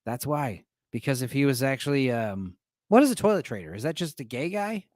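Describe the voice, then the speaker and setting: A man's voice: mid-range voice, very animated, brisk, a little mellow, no room sound, clean studio sound. A man hosting a casual movie discussion stream, rambling and laughing often as he retells scenes. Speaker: stream host.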